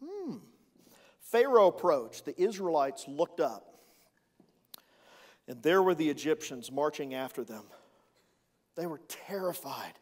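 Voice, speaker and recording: A man's voice: on the high side, big pitch swings, a little slow, pauses often, a little mellow, big-room sound. A male executive pastor preaching a sermon in a playful, conversational way, with asides to the congregation.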